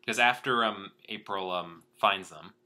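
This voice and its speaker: A young man co-hosts a casual movie podcast with a very bright, forward tone. He rambles sarcastically through the plot, full of ums and restarts. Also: fairly low pitch, normal speed. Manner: sarcastic, rambling with many fillers. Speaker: podcast co-host. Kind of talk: casual movie-review chat.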